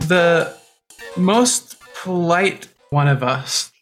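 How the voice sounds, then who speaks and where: A woman casually telling a story as a guest, relaxed and acting out quoted voices. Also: fairly low pitch, drawn-out words, music in the background.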